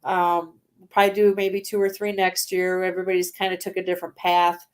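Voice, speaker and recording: A woman's voice: lowish voice, completely flat delivery, brisk. A woman in her forties, a guest on an interview show, talking casually with lots of fillers and frequent laughs. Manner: chatty, laughs often, many fillers.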